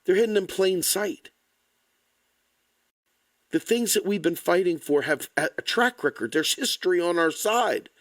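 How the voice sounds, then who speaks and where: A man delivers a furious political rant, swearing freely and talking bluntly. His voice sits a little high for a man. The sound is dry and close, with no room echo. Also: lively intonation, a little slow, long pauses. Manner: angry, blunt, profane. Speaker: political commentator. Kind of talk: impassioned rant to camera.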